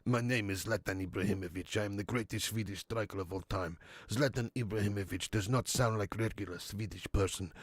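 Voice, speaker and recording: A man voicing a boastful star striker who brags about himself in the third person, deadpan and self-important. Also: sits low, husky, dry recording, pitched below the performer's own voice.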